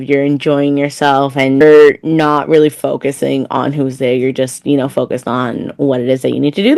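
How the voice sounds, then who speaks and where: A woman co-hosting a casual podcast, chatting supportively with a friend and telling anecdotes. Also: sits low. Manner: supportive, chatty, many "like" fillers. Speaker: podcast co-host.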